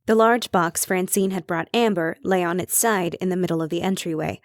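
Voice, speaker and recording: A woman reading an audiobook in measured, even scripted narration. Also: lowish voice, no room sound, studio quality.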